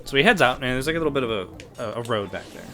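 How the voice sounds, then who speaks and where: A man's voice: mid-range voice, lively intonation, very fast. Rambling young man spinning a comic tale. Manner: rambling, many restarts, acts out characters. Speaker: podcast co-host. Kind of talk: casual comic storytelling.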